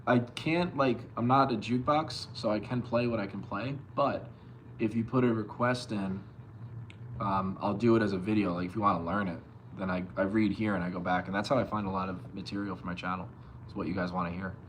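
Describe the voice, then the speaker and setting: Laid-back man chatting on a bass stream. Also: steady tone, fairly quick, fairly bright tone, a little hiss or hum. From Long Island, New York. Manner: loose and profane, reads chat aloud and answers. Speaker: bass player streaming live. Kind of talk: casual live-stream chat with viewers.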